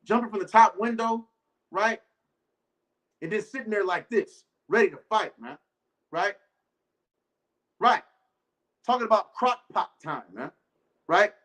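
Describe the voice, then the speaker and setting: Male preacher, high voice, casual rhetorical sermon, reads verses slowly. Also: fairly bright tone, rough recording. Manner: loose, rhetorical, keeps asking "right?"; reads scripture slowly and deliberately. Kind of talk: informal sermon.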